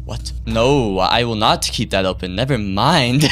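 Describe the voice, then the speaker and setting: A young man streaming a horror game, reacting with laughs, yelps and quick commentary. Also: lowish voice, soft background music. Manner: excitable, laughing, yelping reactions. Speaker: gaming streamer.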